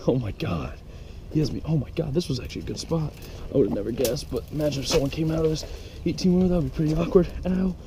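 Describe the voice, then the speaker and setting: A man's voice: on the high side, very animated, fairly quick. A young man vlogging outdoors as he rides a bike, joking and trash-talking in casual chat, recorded on an action camera. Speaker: vlogger playing bike tag. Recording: dull lo-fi audio with loud outdoor noise.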